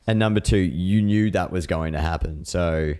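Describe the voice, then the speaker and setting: A man's voice: deep voice, normal speed, darkish tone, smooth. A man co-hosting a casual chat podcast, blunt and sweary as he rants. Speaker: podcast co-host.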